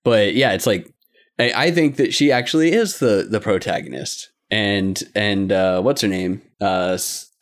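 A man's voice: fairly low pitch, unhurried. A man in a casual podcast chat, walking through anime episodes. He laughs often and rambles, restarting his sentences as he goes. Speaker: podcast co-host.

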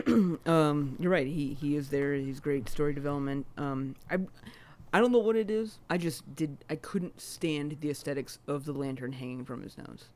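A man's voice: fairly high pitch, moderate pace, darkish tone. A man co-hosting a podcast in casual chat, blunt and sarcastic with plenty of swearing. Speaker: podcast co-host.

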